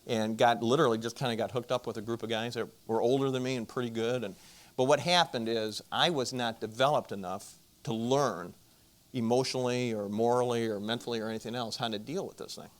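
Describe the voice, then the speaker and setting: A middle-aged man telling a personal story to an audience, animated and acting out the voices of the people in it. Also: medium pitch, fairly quick. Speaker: marriage conference speaker.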